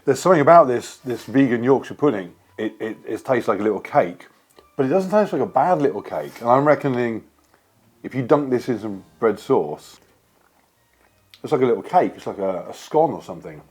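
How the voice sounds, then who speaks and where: A man's voice: mid-range voice, animated, a little fast, a little mellow, husky. A man hosting a casual vlog, chatting playfully while taste-testing food. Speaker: vlogger host.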